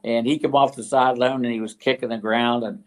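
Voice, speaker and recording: An older man from West Virginia, a retired football coach, telling stories as a guest in an interview, halting and full of fillers and restarts. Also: mid-range voice, fairly even intonation. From West Virginia, USA. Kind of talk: storytelling interview.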